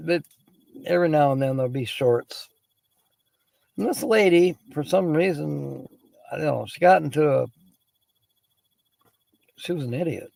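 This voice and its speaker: A man's voice: on the high side, creaky, darkish tone, no room sound, rough recording. A man hosting a livestream, reading word origins aloud, chatting casually, laughing often and greeting viewers by name. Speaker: livestream host.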